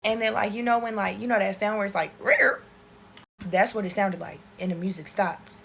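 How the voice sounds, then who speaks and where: A woman's voice: medium pitch, fast, vocal fry. Young woman ranting a storytime into her phone in her bedroom, cusses nonstop, bit of noise behind. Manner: profane, animated, swears constantly. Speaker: TikTok storyteller. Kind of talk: get-ready-with-me storytime.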